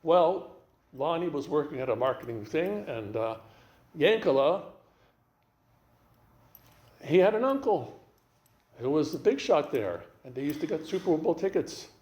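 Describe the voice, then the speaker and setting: Animated male rabbi telling stories. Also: a little high, measured pace, long pauses, roomy sound. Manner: animated storyteller acting out dialogue. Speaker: rabbi, guest speaker. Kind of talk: storytelling talk.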